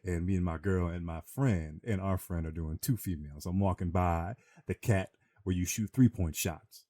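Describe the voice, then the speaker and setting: Deep-voiced man telling stories. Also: normal speed, no room sound, clean studio sound. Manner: animated, slangy storyteller who acts out voices. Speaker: podcast host. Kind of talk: casual storytelling chat.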